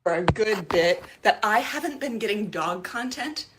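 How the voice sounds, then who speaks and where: A woman's voice: medium pitch, lively intonation, moderate pace, noisy background. A woman ranting in casual commentary, profane and exasperated, often laughing as she talks. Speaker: TikTok commentator.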